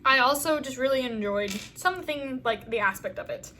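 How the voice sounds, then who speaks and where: A woman's voice: high-pitched, moderate pace, bright, forceful tone, slight background noise. A woman reviewing a TV episode in a casual chat, enthusiastic and rambling, with lots of "um" and "like". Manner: enthusiastic, rambling, heavy use of fillers. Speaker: fan video reviewer.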